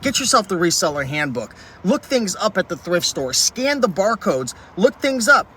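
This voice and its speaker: A man's voice: sits high, very animated, normal speed, pushed and bright. A man ranting passionately to camera about reselling, talking with many "like"s, recorded in a vehicle with faint traffic noise. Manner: fired-up, passionate rant with many "like"s. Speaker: reselling YouTuber. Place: inside a vehicle.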